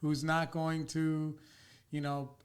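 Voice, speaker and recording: A man hosting a podcast, talking loosely and rambling with plenty of fillers and the odd swear. His voice sits a little high for a man. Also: completely flat delivery, takes it slowly, smooth. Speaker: podcast host. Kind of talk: casual chat.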